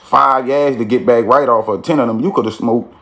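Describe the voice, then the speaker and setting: A man's voice: medium pitch, brisk, creaky, a bit bright. A man telling a street story in a casual, slangy way, with frequent "you feel me" tags.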